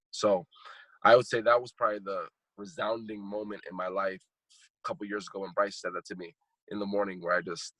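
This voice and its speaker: A heartfelt man sharing a personal story on a podcast, earnest and prone to repeating himself for emphasis. His voice sits low and sounds husky yet forceful. The recording is dry and close. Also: fairly even intonation, fairly quick, dry recording, poor audio. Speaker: guest speaker and coach.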